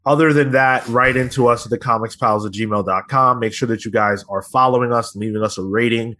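A man's voice: medium pitch, brisk, pushed and bright. A man hosting a podcast, chatting casually and running through the show's plugs with plenty of fillers. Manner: rambling, filler-heavy, conversational. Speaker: podcast host.

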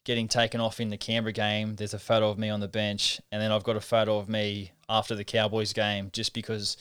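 A man tells his story in a reflective, earnest way. His voice is smooth and resonant, recorded close and dry. He stops and restarts often while he talks in a casual interview. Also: fairly low pitch, monotone, fairly quick, fairly bright tone, no room sound. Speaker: interview guest, professional rugby league halfback.

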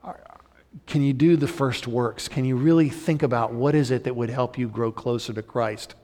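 A man preaching a sermon as pastor, swinging from loud urgent emphasis to soft, intimate appeals. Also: mid-range voice, steady tone, normal speed, in a large hall.

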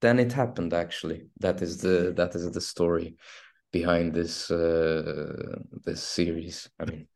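Low-voiced man with a Turkish accent. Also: vocal fry. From Turkey. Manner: halting, restarts often, animated storytelling. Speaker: actor guest. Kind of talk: casual interview storytelling.

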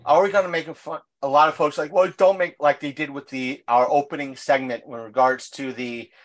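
A man with a fairly high voice talks in loose podcast chat. He rambles through his stories with fillers and restarts and doesn't soften his language. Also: fairly even intonation, brisk. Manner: crude, blunt language. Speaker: podcast co-host. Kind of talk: casual chat.

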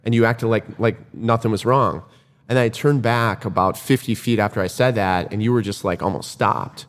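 Man, low voice, casual storytelling, quotes people, reverberant room. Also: normal speed. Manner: animated retelling, acts out quoted lines.

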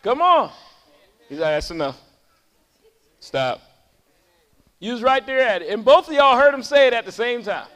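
Man preaching to his congregation, real high voice, long church echo. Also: lively intonation, fast talker, hardly any pauses. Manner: call-and-response preaching, swings from loud high calls to low talk. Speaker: pastor. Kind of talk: sermon. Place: church sanctuary.

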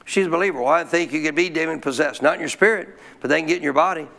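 A male pastor telling a story in a sermon, folksy and animated, often clearing his throat. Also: a little high, rapid-fire.

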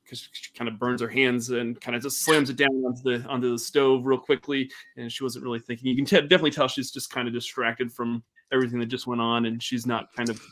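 A man runs a tabletop game as its narrator. His voice sits at a middle pitch, and he rambles along, restarting his sentences often. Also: fairly bright tone. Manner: rambling, many fillers and restarts. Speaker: game master.

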